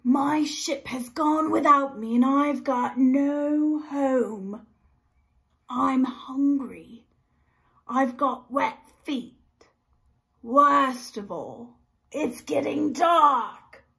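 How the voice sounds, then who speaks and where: A woman voicing a wicked but frightened male pirate in a children's storybook, pleading in slow, drawn-out words. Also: sits high, a bit bright, full character voice.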